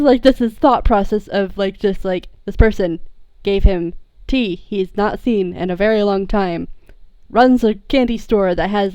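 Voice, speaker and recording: A woman playing in a tabletop role-play game, talking in an excitable way, laughing and restarting her words. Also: mid-range voice, clean tone, no room sound, lo-fi sound. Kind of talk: casual role-play chat.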